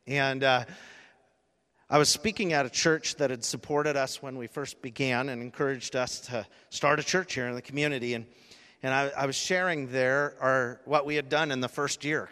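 A man preaches from the pulpit in a voice of middling pitch, telling a heartfelt story that builds to emphatic peaks. The sound carries a long reverb from a large church hall. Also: pushed and bright, clean tone. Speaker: pastor. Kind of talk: sermon.

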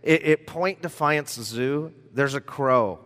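A man's voice: medium pitch, takes it slowly, a bit bright. Chatty man preaching in a hall. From United States. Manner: conversational, rambling with fillers and asides. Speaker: pastor. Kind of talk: sermon with personal stories. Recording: reverberant hall.

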